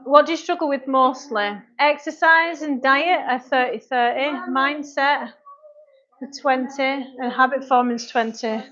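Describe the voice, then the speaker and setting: British mum doing a chatty fitness live from her kitchen, kinda high voice, muffled lo-fi sound. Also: fairly even intonation, a little slow, fairly bright tone. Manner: chatty, reads viewer comments aloud, breaks off to tend her kids. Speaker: fitness coach. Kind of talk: casual livestream chat. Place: home kitchen. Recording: dull lo-fi livestream audio.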